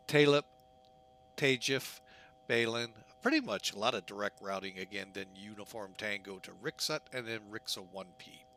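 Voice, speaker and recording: A man's voice: lowish voice, very animated, a little fast, creaky, hardly any pauses, sharp tone, slight background noise. A man giving casual, jokey commentary while setting up a flight simulator, often poking fun at himself. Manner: chatty, jokey, self-mocking.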